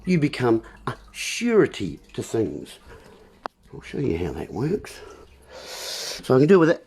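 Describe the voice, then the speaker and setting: A man's voice: a little high, darkish tone, slightly rough. A man hosting a livestream, talking in a meandering way full of wordplay and calling his listeners folks. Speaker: livestream host. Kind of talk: rambling livestream monologue.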